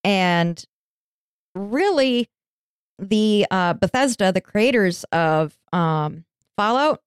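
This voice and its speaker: A woman's voice: mid-range voice, animated, takes it slowly, smooth, no echo, clean studio sound. A woman hosting a podcast, telling a history story in a chatty, informal way and swearing casually. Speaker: podcast host.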